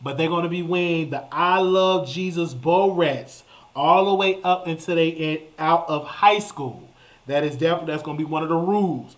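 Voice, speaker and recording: A man, hosting a live call-in show in a chatty, animated way, repeating words for emphasis. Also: a little high. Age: 30s. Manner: animated, drawn-out exclamations and repetitions. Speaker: host. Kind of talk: casual live show monologue.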